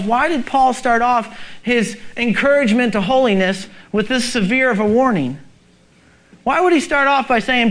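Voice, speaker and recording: A man's voice: high-pitched, a bit bright. A male pastor preaching a sermon, urgent and emphatic, asking the congregation rhetorical questions.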